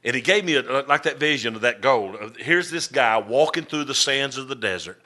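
A middle-aged man preaching a storytelling sermon, folksy and drawling, swinging between loud and soft. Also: medium pitch, moderate pace. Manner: folksy, drawling Southern-style delivery with dramatic swings in volume.

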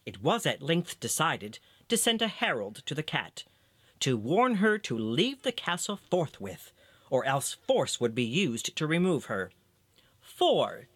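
A narrator reading a fairy tale aloud with expressive storytelling. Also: dry recording. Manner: expressive storytelling, varied in pitch.

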